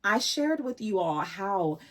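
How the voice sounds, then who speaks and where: A woman's voice: medium pitch, very animated, takes it slowly. A woman in her forties talking casually to her viewers in a vlog, emotional and effusive, often repeating words as she goes. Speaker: vlogger.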